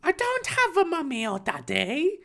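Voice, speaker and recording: A man voicing a small, sad, polite young boy in a high, childish voice. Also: wildly swooping pitch, normal speed, gravelly, sharp tone, exaggerated voice. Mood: meek.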